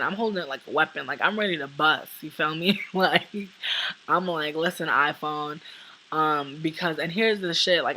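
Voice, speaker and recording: A young woman with a bright, forward voice tells a rambling true story to camera. Her talk is casual and heavy with swearing, and she acts out the people in it. A faint hiss sits under the recording. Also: sits low, rough recording. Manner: profane, animated, acts out what people said. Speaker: vlogger.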